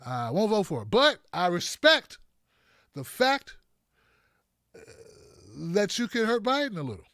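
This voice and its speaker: Brief: blunt male livestream host, bright tense voice, dry close sound. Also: high-pitched, big pitch swings, unhurried, pauses often, dry recording. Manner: blunt, mocking, off-the-cuff. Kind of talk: livestream political commentary.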